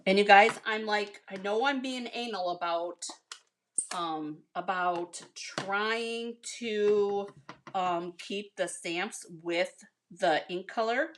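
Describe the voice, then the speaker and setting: A woman's voice: mid-range voice, takes it slowly, slight background noise. American woman crafter, leisurely and chatty, talks viewers through a stamping demo. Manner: chatty, talks to viewers as you guys and honey. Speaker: card-making instructor. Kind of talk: casual craft tutorial.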